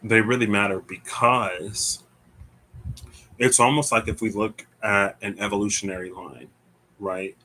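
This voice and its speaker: Young man, from the Midwest, low-ish bright voice, slow and rambling, casual tarot reading, faint room hiss. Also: fairly even intonation, rough recording. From American Midwest. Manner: meandering, hesitant, searching for words. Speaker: tarot reader.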